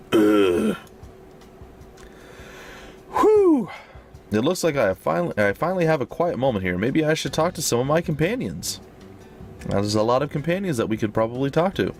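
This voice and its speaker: A man's voice: mid-range voice, very animated, normal speed, pauses often, darkish tone, faint music behind. A man giving casual commentary with jokey asides while playing through a story game. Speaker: let's play host.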